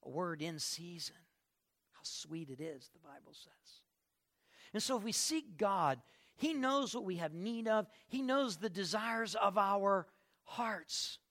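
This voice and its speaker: Gravelly older male pastor preaching. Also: high-pitched, lively intonation, slow. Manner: folksy, conversational, swings between soft asides and emphatic lifts. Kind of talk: sermon.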